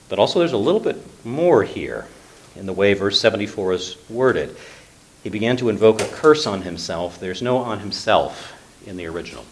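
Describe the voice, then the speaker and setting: A man teaching through a Bible passage in a conversational way, with frequent fillers and lively emphasis. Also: lowish voice, a little hiss or hum.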